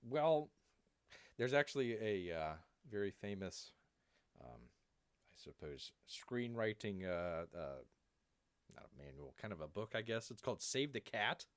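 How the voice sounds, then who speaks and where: A rambling male live-stream host with a lively, swooping delivery, drifting between jokes and asides. He refers to himself as Bear in the third person. His voice sounds worn from long talking. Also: lowish voice, a little slow, smooth, dry recording. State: voice wearing out.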